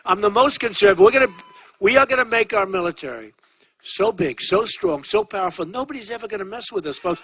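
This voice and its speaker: Speaking fast with vocal fry, an American political candidate in his sixties has a high, expressive voice that's fairly bright and slightly rough. He gives a repetitive, bragging rally speech in a conversational style, often turning aside to address the crowd.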